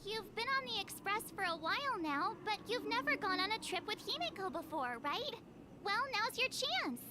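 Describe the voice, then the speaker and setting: Super high chirpy girl in a game, lively, talks slow and careful like reading to a kid. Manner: slow, over-enunciated line reading. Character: upbeat young woman companion, chatty. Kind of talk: game character dialogue. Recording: game audio with faint background noise.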